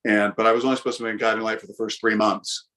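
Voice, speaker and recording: A middle-aged American man, a guest actor, telling lively anecdotes in a casual interview with frequent fillers. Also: on the low side, very fast. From United States.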